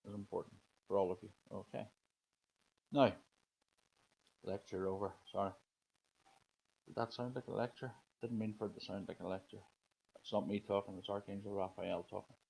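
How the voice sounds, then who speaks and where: Low-voiced man giving spiritual guidance. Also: flat delivery, vocal fry, breathy edge, low-quality recording. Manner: chatty, gently coaxing, leads a slow breathing exercise. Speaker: spiritual card reader. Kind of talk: live oracle card guidance, casual talk.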